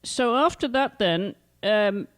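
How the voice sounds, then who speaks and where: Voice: mid-range voice, animated, slow, dry recording. A podcast host asking loose, meandering questions in an interview, with frequent restarts.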